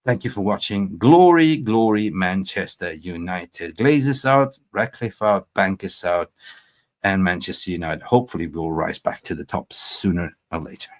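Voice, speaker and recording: A low-pitched man keeps a moderate pace as he hosts a football fan channel stream, chatting and rambling with animated swings. He laughs at his own jokes along the way.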